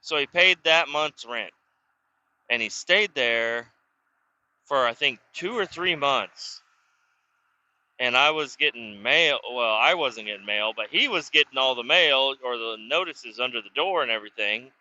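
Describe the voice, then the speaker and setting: A man with a very bright, sharp, tense voice spins a rambling, profane story, stumbling over restarts and acting out who said what. It is a dull, lo-fi self recording. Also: mid-range voice, expressive, a little slow, no room sound. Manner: profane, rambling, full of restarts and acted dialogue. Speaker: vlogger telling stories. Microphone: self-recorded camera or phone mic.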